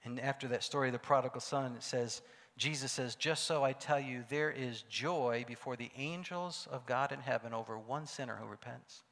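A male pastor preaching a sermon, swinging from loud calls to hushed asides. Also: medium pitch, moderate pace. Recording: long hall reverb.

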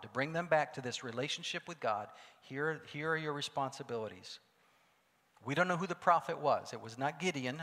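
Preaching man in a reverberant hall. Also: mid-range voice. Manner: preaching with swings from loud calls to hushed asides. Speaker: pastor. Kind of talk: sermon.

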